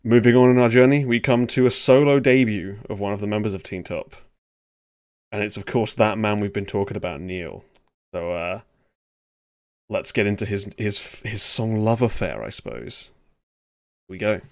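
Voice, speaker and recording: A man hosts a casual music podcast, easygoing and quick to laugh. His voice sits a bit low, and the recording is dry and close, with almost no room sound. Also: dry recording. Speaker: podcast host. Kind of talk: casual chat.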